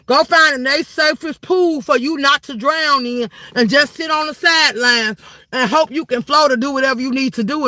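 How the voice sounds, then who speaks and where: Brash high-pitched woman ranting on a livestream. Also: no room sound. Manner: brash, profane, with frequent shouted outbursts. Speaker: livestream commentator. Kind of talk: heated live-stream commentary.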